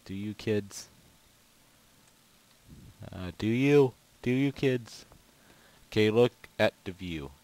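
Man, slow talker, low voice, goofy rambling game commentary. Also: rough recording. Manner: goofy, rambling, excitable outbursts. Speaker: gaming video creator. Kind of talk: casual gameplay commentary.

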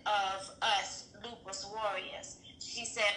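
Brief: middle-aged woman, very bright voice, reads a message aloud in an echoey room, emotional. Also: fairly high pitch, measured pace. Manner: warm, emotional, laughs often while reading. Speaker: guest, mother reading a message. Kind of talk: reading a message aloud with chat. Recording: echoey room with faint noise.

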